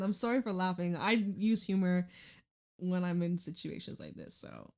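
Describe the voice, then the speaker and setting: A woman's voice: lowish voice, normal speed. A woman giving a casual tarot reading in a chatty, laughing way, full of fillers. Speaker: tarot reader.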